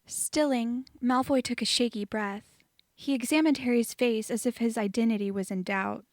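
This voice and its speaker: A woman's voice: fairly high pitch, fairly even intonation, moderate pace, no echo. Woman reading a story, dry close sound. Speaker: audiobook reader of fan fiction. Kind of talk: reading fiction aloud.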